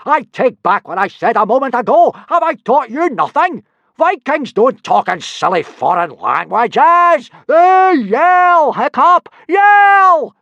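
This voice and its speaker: A man's voice: extremely high pitch, big pitch swings, unhurried, vocal fry, pushed and bright, dry recording, lo-fi sound, voice pushed up, full character voice. Bellowing giant Viking teacher, read by a man, dry close storybook voice. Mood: exploding. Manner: bellowing, roaring. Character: huge booming male Viking teacher.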